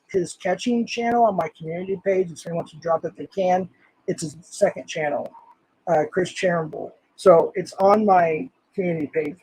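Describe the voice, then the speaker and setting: A man's voice: high-pitched, darkish tone, husky, no echo, low-quality recording. An older man streaming live, reading comments aloud in an angry, swearing rant.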